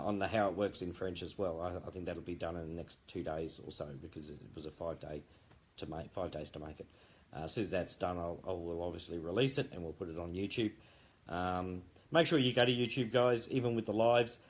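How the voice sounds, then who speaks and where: A man founder giving a rambling, jokey live update late at night, full of fillers and restarts. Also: sits low.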